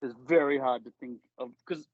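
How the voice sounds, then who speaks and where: A man's voice: medium pitch, steady tone, normal speed, dry recording. A man co-hosting a casual podcast, rambling and swearing often while laughing easily. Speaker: podcast co-host. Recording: dry, dull lo-fi sound.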